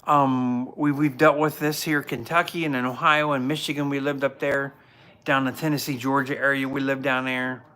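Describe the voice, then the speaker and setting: Medium pitch, a level tone and a moderate pace mark this man's pushed, bright delivery. He's a police officer in his forties and the host of a casual livestream at home, given to earnest, rambling stories with many restarts.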